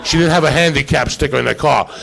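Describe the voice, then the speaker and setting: A man hosting a live podcast, telling rowdy, profane stories in a loud, animated way. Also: fairly high pitch, quick pace, gravelly. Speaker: podcast host.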